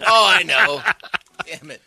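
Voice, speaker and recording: A man's voice: on the high side, animated, a little slow, heavy background noise. A man competing in a comedy quiz game, playfully calling out answers. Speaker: quiz contestant.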